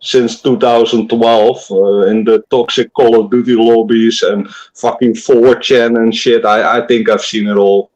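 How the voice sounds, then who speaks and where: A man's voice: medium pitch, fairly even intonation, a little slow, few pauses, darkish tone, highs cut off. A young adult man in a casual online group chat, blunt and swearing freely.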